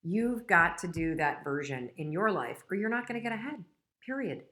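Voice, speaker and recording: A woman's voice: lowish voice, expressive, normal speed, fairly bright tone. Emotional, frank woman live-streaming. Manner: emotional, gets choked up and tearful; direct, frank, motivational. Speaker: host. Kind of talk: casual live stream talk to viewers.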